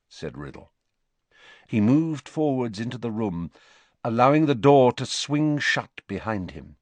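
A man reads a dark story aloud at an unhurried pace, his pitch rising and falling expressively. The sound is close and dry, with no room around it. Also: no echo. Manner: deliberate, expressive reading. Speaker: audiobook narrator. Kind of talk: dramatic audiobook narration.

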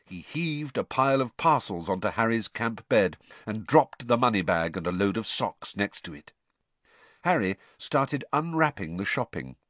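Animated male audiobook narrator. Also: on the low side, normal speed, no room sound. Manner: expressive, animated storytelling.

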